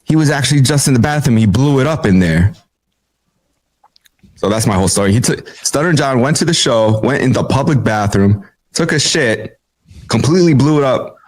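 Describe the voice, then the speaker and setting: A man's voice: medium pitch, expressive, a little fast. Rambling casual male storyteller.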